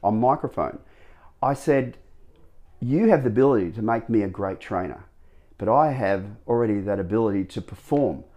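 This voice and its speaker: A man, telling his stories as an interview guest, rambling and animated with many restarts. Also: fairly low pitch, normal speed, muffled recording. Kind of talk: casual storytelling interview.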